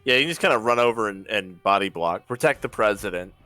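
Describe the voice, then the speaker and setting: A man serves as game master, narrating combat and calling rolls with an animated, swinging pitch. His voice is bright and forceful, and the sound is dry and close. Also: fairly quick, no room sound, faint music behind. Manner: lively, animated narration and rulings. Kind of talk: running a tabletop game.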